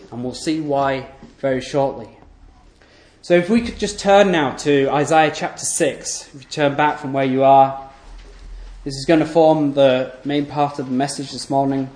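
A man's voice: a little high, darkish tone, roomy sound. A man preaching a sermon, emphatic, building through long lists with rising force.

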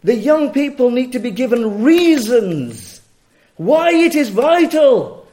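High-voiced, mellow-toned male preacher. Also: very animated, slow. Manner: emphatic, rhetorical, repeats key phrases. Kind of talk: sermon.

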